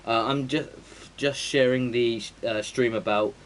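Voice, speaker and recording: A man's voice: medium pitch, fairly even intonation, measured pace, a little hiss or hum, low-quality recording. A man, streaming a game and chatting casually in a rambling, sweary way full of fillers. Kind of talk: casual chat before a stream.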